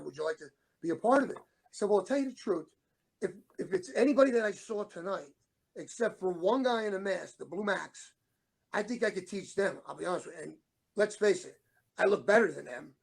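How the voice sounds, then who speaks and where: A middle-aged man with a high, gravelly voice, telling long rambling stories in a casual way. He acts out the other people's lines as he goes. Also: brisk. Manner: rambling anecdotes, acts out quoted dialogue. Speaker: show co-host, former wrestler. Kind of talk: casual storytelling.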